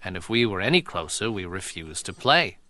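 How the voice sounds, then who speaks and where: A man doing an impression of a famous rock musician, telling absurd rambling anecdotes deadpan in an improvised comedy bit. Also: deep voice, fairly quick, full character voice.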